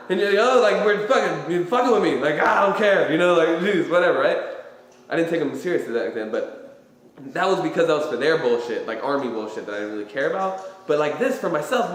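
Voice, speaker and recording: Rambling man in a very echoey room. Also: on the high side. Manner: rambling, filler-heavy, swears freely. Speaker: motivational vlogger. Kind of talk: casual livestream pep talk. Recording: very echoey room with long reverb.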